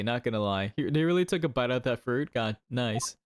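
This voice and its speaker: A chatty streamer thinking aloud through a game, amused and easygoing. The voice sits mid-range but swings up and down a lot, with soft game music playing faintly behind. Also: mid-range voice, animated, fairly quick, hardly any pauses. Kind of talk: casual let's-play commentary.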